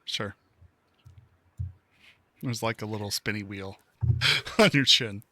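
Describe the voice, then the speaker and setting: A man narrates a cyberpunk tabletop game as its game master, in an easygoing, rambling way with many ums and dad jokes. He speaks slowly, and his voice is bright and recorded dry and close. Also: on the low side, dry recording.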